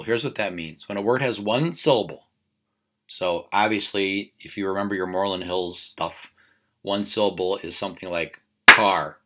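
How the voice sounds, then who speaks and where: Low-voiced man teaching a spelling lesson. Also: sharp tone. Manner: repeats words slowly, checks in with "okay?".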